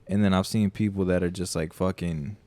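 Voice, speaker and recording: A man co-hosting a podcast, telling stories in casual, profane, animated chat. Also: deep voice, fairly quick, no echo. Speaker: podcast co-host.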